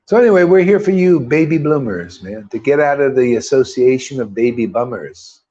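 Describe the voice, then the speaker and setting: Husky man, rambling devotional speaker, lively pitch swings, dull lo-fi recording. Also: moderate pace. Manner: rambling, laid-back, says "man" often. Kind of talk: casual devotional talk.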